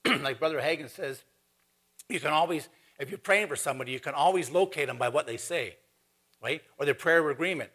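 A man preaching a sermon in a conversational, animated way, quoting scripture and talking to the congregation. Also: a little high, husky.

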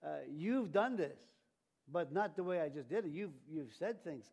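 A man preaching a sermon in a conversational way, full of fillers and restarts, with sudden loud bursts of emphasis. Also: sits high, expressive, moderate pace.

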